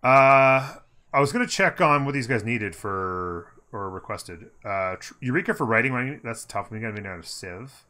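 A man's voice: medium pitch, lively intonation, normal speed, sharp tone. A man giving upbeat, casual commentary on a strategy game, thinking aloud and humming as he plays. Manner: upbeat, thinking aloud, hums while playing. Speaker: gameplay commentator.

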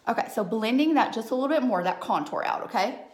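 Speaking quickly with lively, high-pitched intonation, a young woman runs a chatty live makeup tutorial at home under a ring light. She keeps checking in with viewers, tossing out "okay?" nearly every step, and the room echoes.

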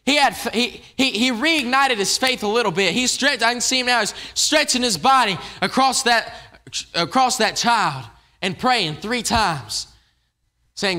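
A man's voice: very high voice, animated, a little slow, pushed and bright. A man preaching a casual evening sermon in a church, talking conversationally and often restarting his phrases.

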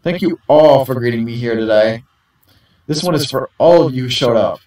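A man's voice: medium pitch, moderate pace, darkish tone, natural voice. A man voicing a vain, glamorous young female celebrity actor while reading game dialogue aloud, showy and self-satisfied. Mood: preening. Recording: echoey, distant from the mic.

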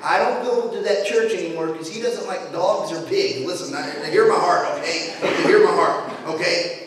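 A male pastor preaching in a joking, conversational way, his voice sitting high for a man. He is heard from well back in a big hall, the long reverb washing around every line. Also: normal speed, fairly bright tone. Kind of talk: sermon. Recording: echoey hall, mic far off.

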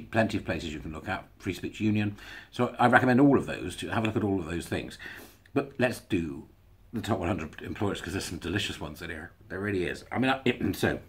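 A man's voice: sits low, breathy edge. A man talking to camera in a casual commentary monologue, sarcastic and chuckling between remarks. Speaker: video blogger.

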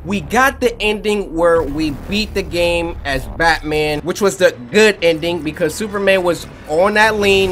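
A man giving excited gameplay commentary, loud and trash-talking, shouting at the screen. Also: a little high, a little hiss or hum. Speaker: gaming YouTuber.

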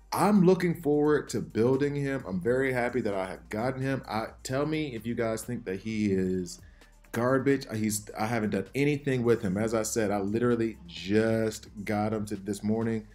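Rambling, excitable man with a low voice. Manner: rambling, excitable, self-interrupting. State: jittery from too much coffee. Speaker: gaming channel host. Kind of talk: casual game commentary.

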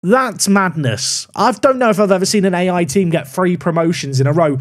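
A young man casually commenting on a management game as he plays, thinking aloud with wry asides. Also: fairly quick. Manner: musing aloud, wry asides, animated pitch swings. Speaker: gaming YouTuber.

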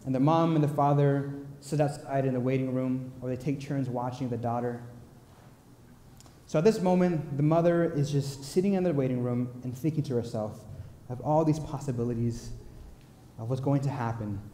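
Mellow-voiced preacher in an echoing church. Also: male voice, mid-range voice, a little hiss or hum. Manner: earnest, unhurried storytelling with pauses. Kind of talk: sermon storytelling. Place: large church sanctuary. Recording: echoey church hall with long reverb.

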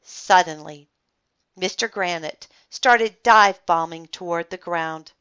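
A woman reading a children's book aloud in an expressive, animated storytelling manner. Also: lowish voice, slow pace, clean tone, dull audio.

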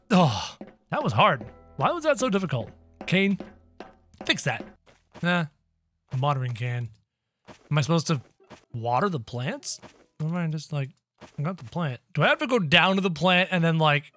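A man giving playful, excitable let's-play commentary, chatting to game characters and his viewers as he plays. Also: high-pitched. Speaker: gaming channel host.

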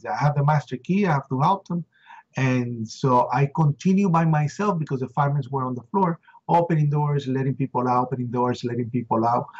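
His voice is husky and a little mellow: a middle-aged Puerto Rican man giving an emotional eyewitness account as an interview guest. Quoted voices get acted out with rising pitch, all in a dull lo-fi recording.

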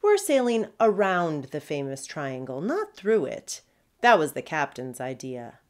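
A woman voicing a prim, patient female poodle first mate in a storybook, speaking crisply. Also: sits low, big pitch swings, a little slow, a little mellow.

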